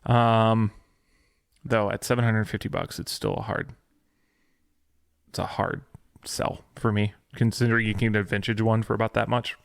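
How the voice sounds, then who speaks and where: A man's voice: lowish voice, little pitch movement, moderate pace, creaky, long pauses, clear, resonant tone, dry recording, clean studio sound. A man co-hosting a podcast, chatting casually about gear news with lots of fillers and restarts. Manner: hesitant, many fillers and restarts. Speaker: podcast co-host.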